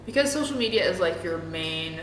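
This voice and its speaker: A woman's voice: lowish voice, lively intonation, a little fast. A woman chatting casually as a guest on a vlog, chiming in with short reactions and questions. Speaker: guest vlogger. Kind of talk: casual chat. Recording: roomy echo with faint background noise.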